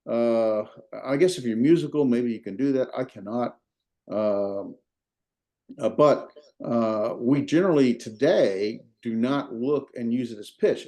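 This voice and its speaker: A man's voice: mid-range voice, mellow. A man with a Southern US accent teaching a beginner Greek class in a folksy, repetitive way with many fillers. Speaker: Greek instructor. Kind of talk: informal classroom lecture.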